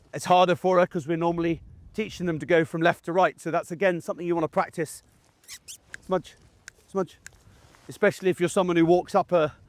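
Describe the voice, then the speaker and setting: Male gundog trainer, slightly high voice, chatty field teaching with short commands to the dog, dry close sound outdoors. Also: no room sound. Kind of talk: instructional talk while working a dog in the field. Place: outdoors in a field beside a game crop.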